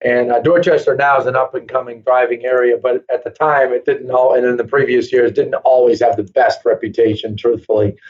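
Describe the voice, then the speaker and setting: A man who runs a real estate brokerage, telling lively stories in a casual interview and acting out quoted voices. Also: medium pitch, a little fast, few pauses. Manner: animated storyteller, acts out quoted voices. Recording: dull lo-fi sound.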